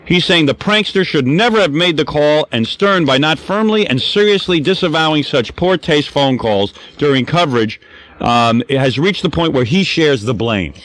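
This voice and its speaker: A man's voice: fairly high pitch, animated, normal speed, a bit bright. A man hosting a radio talk show, brash and wisecracking, interrupting with jokes. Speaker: radio host.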